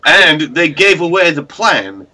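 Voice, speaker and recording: A man doing a hulking, earnest folk hero with a husky, bright, forceful voice sitting a bit high. He speaks in stiff, formal, broken phrases with deadpan sincerity, always the loyal buddy at the table. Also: measured pace, full character voice. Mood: pleased. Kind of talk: tabletop role-play in character.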